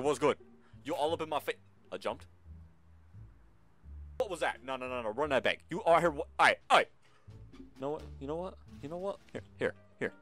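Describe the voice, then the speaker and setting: A man hosting a gaming channel, giving casual gameplay commentary and playfully bantering with the game's customers. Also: medium pitch.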